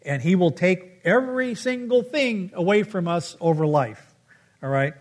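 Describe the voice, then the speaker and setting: A man's voice: high-pitched, expressive, unhurried, a little mellow. A middle-aged man preaching a sermon with a playful storytelling manner, humming tunes along the way. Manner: storytelling, playful, hums melodies.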